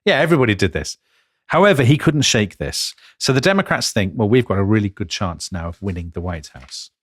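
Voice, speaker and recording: A man co-hosting a history podcast, telling the story with emphatic, animated delivery. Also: a little fast, no echo, studio quality. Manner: animated, emphatic, jumps in pitch for stress. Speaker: podcast co-host.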